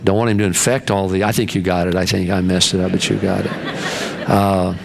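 A man's voice: low voice, little pitch movement, a little fast, gravelly. Older male pastor, folksy conversational sermon delivery, lots of restarts.

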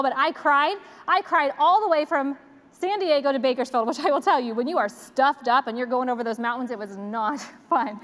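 A woman in her forties giving a conversational sermon, a chatty, self-deprecating storyteller. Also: high-pitched. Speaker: church speaker. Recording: long reverb of a large hall.

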